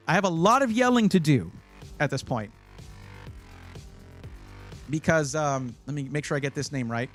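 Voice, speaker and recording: A man hosting a live stream, chatting casually and advising viewers, with frequent fillers and sudden bursts of excitement. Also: on the high side, normal speed, long pauses, soft background music. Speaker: livestream host giving PC buying advice.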